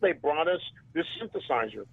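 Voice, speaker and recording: A man, a band drummer and interview guest, telling stories in a casual and animated way and laughing often. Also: on the high side, normal speed, gravelly, husky. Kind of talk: casual storytelling. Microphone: phone. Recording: tinny phone line.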